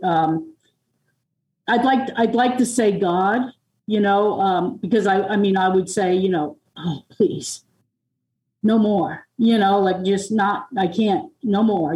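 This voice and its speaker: Mellow-voiced woman from Long Island, roomy. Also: medium pitch. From Long Island, New York. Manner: rambling, many fillers and restarts. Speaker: podcast guest, music producer and author. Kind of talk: candid personal storytelling. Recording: roomy and distant from the mic.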